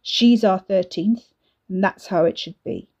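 A woman's voice: medium pitch, a little slow, vocal fry, a little mellow. A woman voicing a swaggering, threatening young man who sneers and curses at his siblings, in a storybook reading. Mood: menacing. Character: menacing swaggering young man, bully brother.

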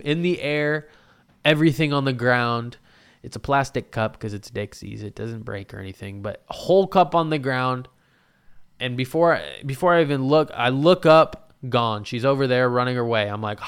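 A man's voice: medium pitch, moderate pace, clear, resonant tone. A young man casually recounting a night out, swearing freely and acting out what people said. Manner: animated, swears a lot, acts out quotes. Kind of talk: casual storytelling monologue.

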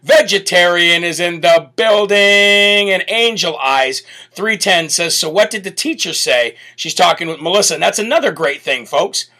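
An American man with a bright, forceful voice, pitched a little high, hosts a live show. He reads out viewer comments and gives upbeat, chatty shout-outs, thanking people one by one. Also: expressive, moderate pace. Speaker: host.

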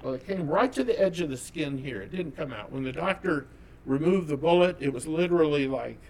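A man from California telling a personal story as an interview guest, animated and acting out the dialogue. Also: on the high side, fairly quick. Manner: animated, acts out quoted dialogue.

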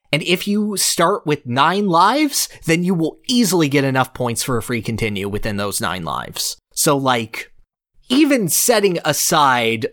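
A podcast co-host tells a game story with dramatic, escalating flair. His pitch swings widely, dropping low for grim moments and rising high as the absurdity builds. His voice sits in a middle range. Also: fairly bright tone. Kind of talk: comedic storytelling and game discussion.

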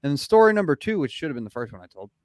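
Racing along at a high-ish pitch, this young adult podcast host tells profane stories in a casual chat, animatedly acting out quotes. The studio sound is clean, with no room sound.

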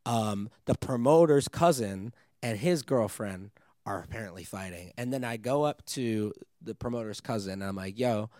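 A young man, a DJ guest, telling a wild story in casual chat, animated and swearing often, laughing as he goes. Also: lowish voice, moderate pace, no echo, studio quality.

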